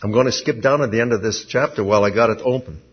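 A man preaching a sermon in a folksy way, swinging from loud emphasis to quiet asides. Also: on the low side, rapid-fire, breathy edge. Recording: dull lo-fi sermon recording.

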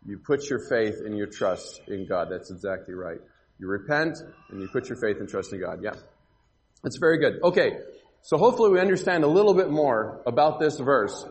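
A man's voice: medium pitch, expressive, brisk, a little hiss or hum. A man teaching an interactive Bible lesson to children in a church hall, upbeat and coaxing, directing the kids with questions. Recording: echoey hall with long reverb.

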